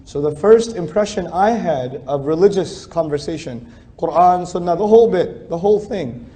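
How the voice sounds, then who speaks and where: A man's voice: on the high side, lively intonation, normal speed, warm tone. A middle-aged man giving a religious lecture in a conversational, emphatic way, repeating phrases for stress. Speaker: Islamic speaker.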